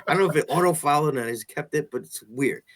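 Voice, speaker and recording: A man's voice: fairly high pitch, quick pace, a bit bright. Man, interviewer, casual chat, laughs often, joking. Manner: laughs often, loose and chatty.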